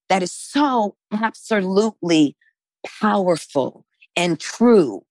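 A woman's voice: medium pitch, lively intonation, takes it slowly, dry recording. A woman talks through her points in an emphatic, conversational way. Her voice sits in an ordinary middle register. She often tags her sentences with "right?", and the recording sounds close and dry. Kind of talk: conversational discussion.

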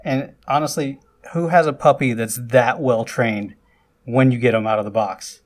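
A man of middle pitch tells a film's story in a relaxed, conversational podcast recap. He talks loosely, stacking asides and offhand comments as he goes, and now and then gets louder and more animated. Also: moderate pace. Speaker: podcast host recapping a film. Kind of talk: casual film recap.

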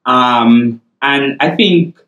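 A man with a Jamaican accent chatting on a podcast, telling a story with animated, laughing delivery. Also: mid-range voice, extremely slow, reverberant, poor audio. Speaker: podcast co-host. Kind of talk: casual podcast chat.

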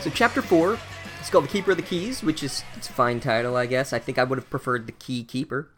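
A man's voice: medium pitch, fast talker, soft background music. Dry sarcastic guy riffing on a book chapter, swears a lot. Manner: deadpan, sarcastic, profane asides. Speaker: book recap comedian. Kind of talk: sarcastic comedic book recap.

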